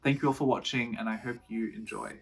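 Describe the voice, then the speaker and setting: A man's voice: medium pitch, fairly even intonation, fast talker, breathy edge, faint music behind. A young man from Australia chatting casually to camera, playful and rambling, with lots of flustered restarts. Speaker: YouTuber and songwriter. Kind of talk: casual vlog talk.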